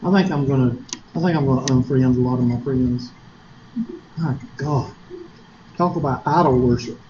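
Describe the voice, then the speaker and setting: A man's voice: medium pitch, moderate pace, muffled recording, background noise. A man with a South Carolina Southern accent lecturing a math class, chatty and joking, asking the class rhetorical questions. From Upstate South Carolina, US. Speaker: college math teacher.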